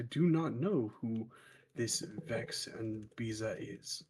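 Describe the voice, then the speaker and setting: A man's voice: mid-range voice, slow, a little mellow. A man playing a tabletop game character, rambling and stumbling through explanations with many fillers. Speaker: player.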